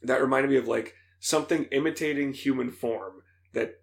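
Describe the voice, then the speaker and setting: Gravelly young man, excited game chat. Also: mid-range voice, normal speed. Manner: excited, fillers, laughs, imitates voices. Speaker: podcast co-host. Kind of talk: casual chat.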